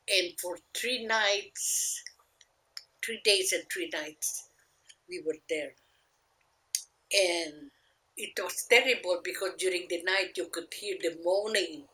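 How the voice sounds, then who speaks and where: An older woman, recalling her memories in an interview, talking haltingly with restarts and pauses. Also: lowish voice, sharp tone. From Philippines. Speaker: grandmother recounting wartime memories. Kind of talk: oral history interview. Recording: echoey room, faint ambience.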